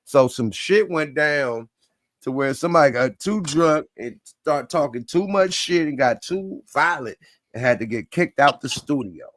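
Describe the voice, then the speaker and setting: A man's voice: on the high side, lively intonation, unhurried, no room sound. A man hosting a casual livestream chat, talking in loose, profane, laughing banter. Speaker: livestream show host.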